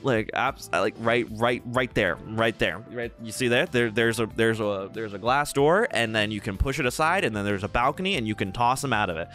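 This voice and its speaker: A man's voice: mid-range voice, animated, moderate pace, hardly any pauses, fairly bright tone, soft background music. A man talking casually as he ranks game characters, playful and rambling, with theatrical asides. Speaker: gaming YouTuber. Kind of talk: casual tier-list commentary.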